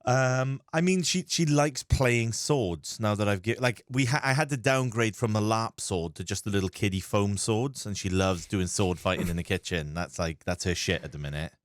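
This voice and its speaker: Laid-back British man, thirties, lowish voice, dry close sound. Casual podcast banter. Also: dry recording. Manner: laid-back, swears freely, quick bursts of speech. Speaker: podcast co-host. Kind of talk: casual chat.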